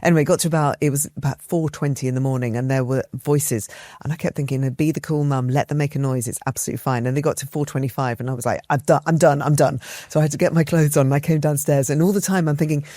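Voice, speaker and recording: A middle-aged woman co-hosting a podcast from a room at home, telling stories in a lively, animated way. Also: sits low, rapid-fire, no echo, studio quality. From England. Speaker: podcast co-host. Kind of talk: casual chat.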